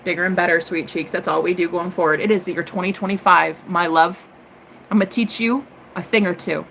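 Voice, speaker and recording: American woman, host of her own stream, bright and punchy, cheeky and profane, big swoops up to squeals. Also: brisk, vocal fry, a little hiss or hum. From United States. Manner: sassy, animated, swooping into high exclamations; cheeky and profane, calls listeners honey and girl. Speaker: tarot reader and live streamer. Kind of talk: casual storytelling monologue.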